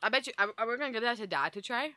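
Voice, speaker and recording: A woman's voice: fairly high pitch, animated, very fast, bright, forceful tone, a little hiss or hum. A young woman doing a casual snack taste test, rambling with lots of fillers and swearing. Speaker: food taster.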